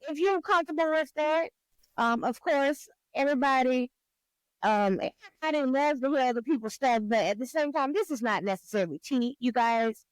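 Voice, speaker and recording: A woman's voice: sits high, brisk, clean tone, no room sound, rough recording. A woman from the American South hosting a podcast in a playful, giggly, teasing chat. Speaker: podcast host. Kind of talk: casual chat.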